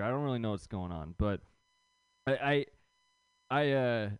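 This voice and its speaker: A man's voice: medium pitch, expressive, measured pace, pauses often, clear, resonant tone, dry recording. A young man doing a stand-up comedy set, rambling and self-deprecating, stumbling over his words.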